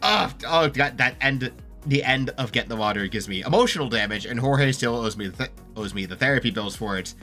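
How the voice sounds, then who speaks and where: A man's voice: medium pitch, lively intonation, a little fast, bright, forceful tone, faint music behind. A young man giving rambling, casual commentary as he ranks songs, full of filler words and the odd swear. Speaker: YouTuber ranking songs.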